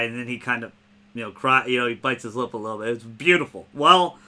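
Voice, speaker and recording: A man hosting a casual podcast, talking excitedly, swearing freely and retelling scenes by quoting lines. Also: medium pitch, moderate pace. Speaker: podcast host.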